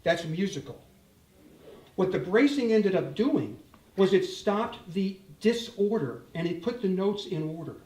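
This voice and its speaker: Older man, animated joking guitar demo. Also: high-pitched, unhurried. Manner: animated, joking, addresses crowd directly. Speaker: guitar clinician. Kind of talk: live demo talk to an audience. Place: store event room with audience. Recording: roomy, distant mic.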